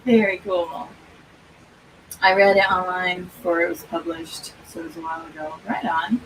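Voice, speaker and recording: A woman's voice: on the low side, flat delivery, brisk, a bit bright, distant mic, low-quality recording. Woman, livestream host, casual chat, reads comments aloud, faint background hiss.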